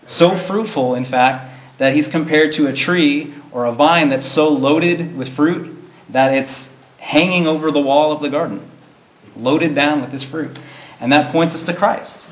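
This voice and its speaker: Earnest male Bible teacher, roomy echo. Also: a little high. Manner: earnest, explains plainly, reads verses in King James wording. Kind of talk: verse-by-verse Bible study teaching.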